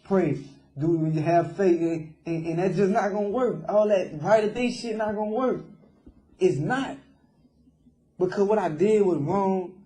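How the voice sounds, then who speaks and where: A man's voice: high-pitched, unhurried, dark tone, roomy sound, slight background noise. A young man, speaking remorsefully in a jailhouse interview and often calling the interviewer sir. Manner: remorseful, repeatedly saying sir. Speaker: jailed suspect being interviewed.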